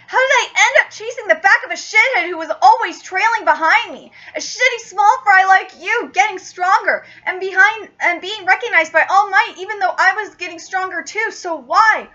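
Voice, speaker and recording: A woman's voice: very high-pitched, bright, forceful tone. A woman reading the lines of a brash, bitter teenage boy hero from a manga, in a self-reproaching manner. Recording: dull lo-fi recording.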